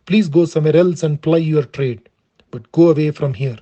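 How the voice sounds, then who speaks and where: Male reader voicing a harsh, impatient king, read plainly; slightly high, soft-toned voice. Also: natural voice. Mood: contemptuous. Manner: plain measured reading of a harsh rebuke. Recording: dull lo-fi recording.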